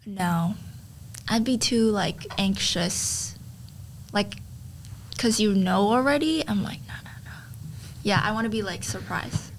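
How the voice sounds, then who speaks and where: A young woman in her twenties, a podcast guest, answering casual questions in a hesitant, giggly, soft-spoken way. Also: medium pitch, a little slow, long pauses, slight background noise. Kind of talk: casual interview chat.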